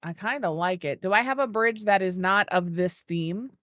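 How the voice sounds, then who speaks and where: A woman's voice: mid-range voice, normal speed, a bit bright, no room sound, studio quality. A woman giving casual gameplay commentary, thinking aloud as she builds and cooing baby talk at an animal. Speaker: gaming video creator.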